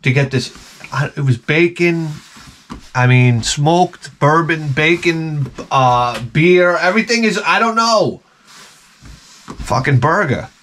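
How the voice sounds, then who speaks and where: A man's voice: on the high side, expressive, slow, fairly bright tone. A man vlogging in a rambling, profane monologue, swearing often and breaking into mouth sound effects. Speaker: retro gaming vlogger.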